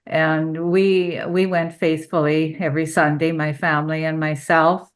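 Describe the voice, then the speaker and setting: A woman in a church study group, speaking in a halting, thoughtful way. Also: deep voice, flat delivery.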